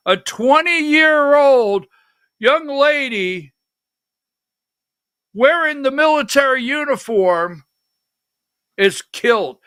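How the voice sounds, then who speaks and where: A man hosting a political talk show, giving heated, indignant commentary with slow, emphatic delivery. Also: sits high, sharp tone, smooth, dry recording, clean studio sound.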